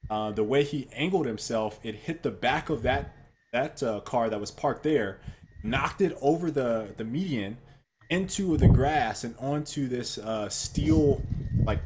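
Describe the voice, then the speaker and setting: A man's voice: mid-range voice, noisy background. A man co-hosting a live gaming talk show, telling a story in casual chat, acting out quotes and swearing freely. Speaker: co-host.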